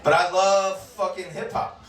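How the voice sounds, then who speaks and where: A man's voice: high voice, level tone, a little slow, fairly bright tone. A man in his forties from California doing a crude, profane stand-up set, often laughing at his own jokes. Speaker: stand-up comedian. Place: comedy club stage. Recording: roomy club sound, mic far off.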